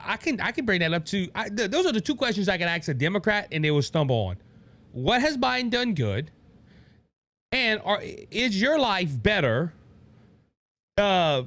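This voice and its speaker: A man with a Cajun accent hosting his own political podcast, talking in a rambling, animated way with many restarts and asides to "ladies and gentlemen.". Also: on the high side. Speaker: podcast host. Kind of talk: solo political commentary.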